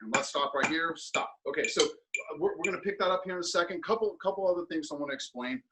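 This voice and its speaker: A man teaching percussion in an instructional clinic, counting beats aloud and explaining practice habits in a relaxed, thinking-aloud way full of fillers. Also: on the high side, fast, poor audio. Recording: steady ticking and tapping noise under the voice.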